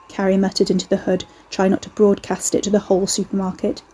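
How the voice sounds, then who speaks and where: A woman reading a novel aloud in steady scripted narration. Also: medium pitch, brisk, slightly rough, rough recording. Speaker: audiobook narrator.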